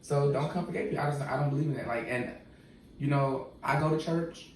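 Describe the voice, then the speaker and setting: A man's voice: on the high side, fairly even intonation, brisk. A man, a podcast guest, talking candidly in casual slang. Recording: echoey room, distant mic, faint noise.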